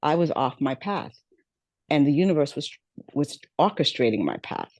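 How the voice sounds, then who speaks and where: A woman's voice: sits low, very animated, moderate pace, a little mellow, no room sound. A middle-aged woman, a podcast guest, telling her life story in a conversational way with many fillers and acted-out quotes.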